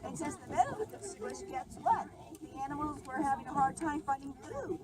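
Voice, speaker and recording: A woman park ranger giving a spirited storytelling talk to visitors at an outdoor amphitheater, shouting out some lines, recorded by a camera in the audience. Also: sits high, animated, a little fast. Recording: noisy outdoor camera audio.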